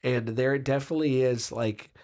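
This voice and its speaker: A man's voice: mid-range voice, fairly even intonation, normal speed, darkish tone. A man co-hosting a podcast, chatting casually and thinking aloud with restarts and mild jokes. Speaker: podcast co-host. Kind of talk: casual chat.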